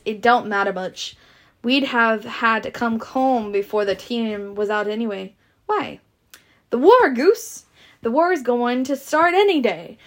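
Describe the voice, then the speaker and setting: A boastful, careless young Southern man keen for a fight, read aloud by a woman in her own fairly high voice. The read-aloud uses no put-on accent. It stays close to plain storybook reading.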